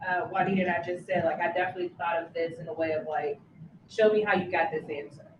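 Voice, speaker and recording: A woman at a meeting talking fast and casually. She sounds distant in an echoey room, over a dull mic with plenty of background noise. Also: lowish voice, fairly even intonation. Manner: quick, casual, chatty. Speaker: meeting participant. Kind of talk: meeting discussion.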